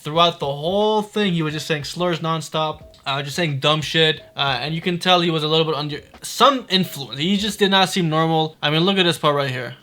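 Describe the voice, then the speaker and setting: A man doing casual reaction commentary, blunt and swearing often, talking in quick bursts. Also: on the high side, bright, forceful tone, faint music behind. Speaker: commentary youtuber.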